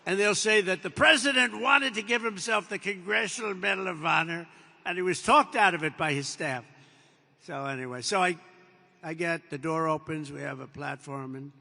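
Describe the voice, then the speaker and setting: With a high, gravelly voice that sounds pushed and bright, an older US president talks at normal speed to troops at a large air base. His improvised speech meanders through a story, repeating superlatives and acting out dialogue, and the hall adds long reverb.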